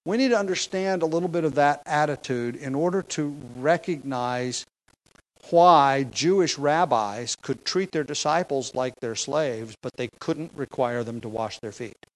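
A man's voice: mid-range voice, a little slow, low-quality recording. A man preaching an expository sermon, explaining a text with emphasis, occasional fillers and light chuckles.

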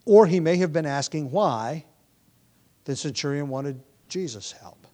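A man leads a careful verse-by-verse Bible study. His voice sits slightly higher than most men's, and he reasons aloud, often restarting phrases and filling pauses as he weighs each reading. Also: expressive, dark tone. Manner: thoughtful, self-correcting, many restarts and fillers. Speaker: Bible teacher. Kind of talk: expository Bible teaching.

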